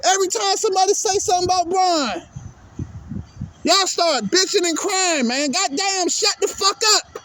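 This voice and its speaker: A man's voice: extremely high pitch, fairly bright tone. A man hosting his own sports channel, delivering a heated, profane, repetitive rant at his viewers. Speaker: sports vlogger. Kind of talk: angry ranting monologue.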